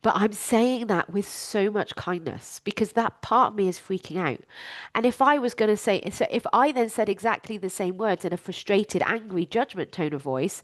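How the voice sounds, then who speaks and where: A woman's voice: medium pitch, lively intonation, moderate pace, dry recording, studio quality. A woman, a life coach hosting her own podcast, talking candidly and emphatically, swearing freely.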